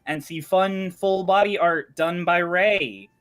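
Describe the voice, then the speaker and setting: A man running a tabletop game as game master, chatting about merch and then narrating the opening in a measured dramatic way. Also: sits high, steady tone, fairly bright tone.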